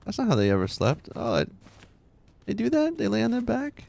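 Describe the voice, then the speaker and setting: A man's voice: high-pitched, huge pitch swings, a little fast, gravelly, darkish tone. A man in his thirties chatting casually while streaming a game, rambling, laughing often and muttering to himself.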